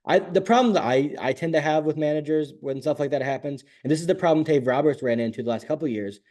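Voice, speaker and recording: Co-hosting a casual sports podcast, a man fires off quick, opinionated bursts and occasionally slips into high, mocking voices. His tone is a little mellow.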